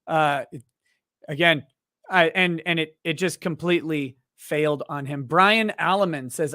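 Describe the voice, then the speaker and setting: A man hosting a casual livestream, reading viewer chat messages aloud and joking, often restarting his sentences and growing animated in his stories. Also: fairly high pitch, dry recording, clean studio sound. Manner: rambling and joking, with halting restarts; animated when telling stories. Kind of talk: casual live-stream chat.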